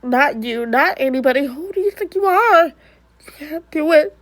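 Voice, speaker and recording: A woman's voice: high voice, animated, normal speed, low-quality recording. A woman voicing a worried mother who pleads with and scolds her stubborn ghost child in a one-person amateur drama. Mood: lecturing.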